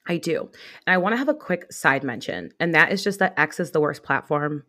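A woman's voice: low-pitched, animated, a little fast, sharp tone. Chatty young woman podcast co-host. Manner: chatty, lots of "like" fillers and quoted asides. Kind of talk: casual chat.

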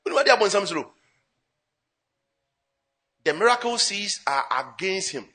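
A man preaching a sermon, mixing in a second language, with sudden swings from loud to hushed. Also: sing-song, measured pace. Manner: switches between English and Twi, dramatic swings in pitch and volume. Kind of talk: sermon with interpreter.

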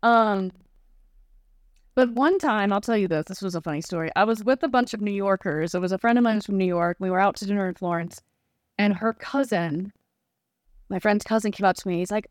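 A woman's voice: mid-range voice, brisk, dry recording. A woman from Chicago chatting as a podcast guest, full of "like" fillers and acted-out quotes. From Chicago, USA. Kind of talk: casual chat.

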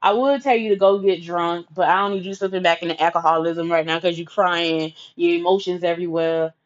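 A woman's voice: lowish voice, fairly even intonation, brisk, dull audio, voice pushed down, close to an everyday voice. A woman quoting a blunt older male mentor. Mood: stern advice. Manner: blunt, profane, lecturing.

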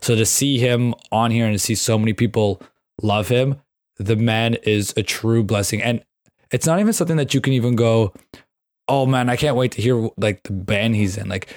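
A man's voice: medium pitch, no echo, clean studio sound. A man co-hosting a casual podcast, gushing with emphatic praise. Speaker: podcast co-host. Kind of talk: casual chat.

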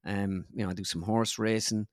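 Easygoing man with a flat Irish midlands accent. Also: fairly low pitch, normal speed, no echo, studio quality. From middle of Ireland. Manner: rambling, self-correcting, easygoing. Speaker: guest, comedian and impressionist. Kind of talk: casual interview chat.

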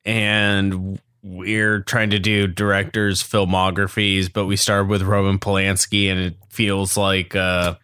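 A man's voice: low-pitched, flat delivery, slow pace, bright, forceful tone, clean tone. A man chatting on a comedy podcast, joking and swearing, with frequent restarts. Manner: jokey, swears, stumbles and restarts. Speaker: podcast guest. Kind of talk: casual comedic banter.

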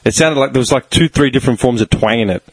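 A man with a slightly congested nose, telling animated stories in casual chat, swearing and laughing often. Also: mid-range voice, fast talker, breathy edge, dry recording, poor audio.

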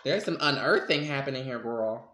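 Bright-voiced man chatting in an echoey room. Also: mid-range voice, moderate pace. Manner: animated, laughing, slangy and emphatic. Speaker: podcast co-host. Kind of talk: casual conversational chat.

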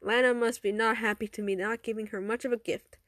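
A woman's voice: a little high, fairly even intonation, fairly quick, fairly bright tone, dry recording, clean studio sound, natural voice. A woman voicing an emotional, exasperated girl. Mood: worried. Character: emotional, easily upset girl.

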